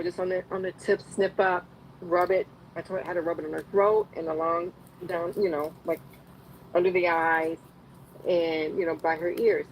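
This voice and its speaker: A woman's voice: fairly low pitch, darkish tone, slight background noise, poor audio. A woman telling a chatty story on a video call. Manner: chatty, acts out quoted friends. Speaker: product testimonial speaker.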